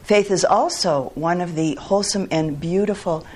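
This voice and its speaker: A woman meditation teacher giving a dharma talk, speaking in a measured, reflective way with pauses. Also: on the low side, a little mellow, a little hiss or hum.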